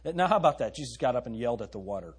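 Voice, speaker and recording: Pastor, middle-aged man, husky and lively, emphatic sermon with questions to the congregation. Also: mid-range voice, racing.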